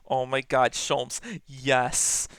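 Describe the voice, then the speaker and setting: A woman's voice: rumbling low, slight background noise. A woman streamer reacting casually to a game during a live playthrough. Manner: chatty, amused reactions. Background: loud game music.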